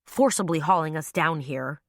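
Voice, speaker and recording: Narrator doing a calm, sensible sleuth lady, lowish voice, dry sound. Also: moderate pace, dry recording. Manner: calm, reasoning. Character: calm, level-headed woman amateur sleuth.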